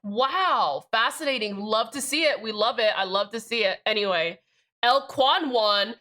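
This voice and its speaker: A woman's voice: fairly high pitch, measured pace, sharp tone. A young woman streaming live, rambling and chatting casually with plenty of swearing.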